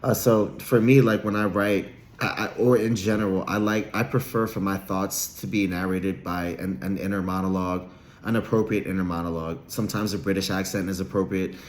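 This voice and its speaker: Low-voiced guy rambling to camera, lots of restarts, bit of background noise. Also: darkish tone. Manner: rambling, with frequent restarts and repeated words. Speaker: vlogger. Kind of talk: casual solo monologue.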